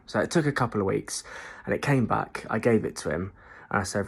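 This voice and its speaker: A man's voice: fairly low pitch, animated, brisk, vocal fry, husky. A man telling an absurd comic story in a dry, matter-of-fact way. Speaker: comedic storyteller. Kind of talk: deadpan comic monologue.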